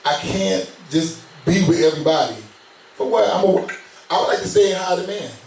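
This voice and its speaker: Male co-host, 30s, casual slangy talker, pitch a touch high, roomy distant sound. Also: brisk, slight background noise. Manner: relaxed, slangy, often asks "you know what I'm saying?". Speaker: podcast co-host. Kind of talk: casual chat.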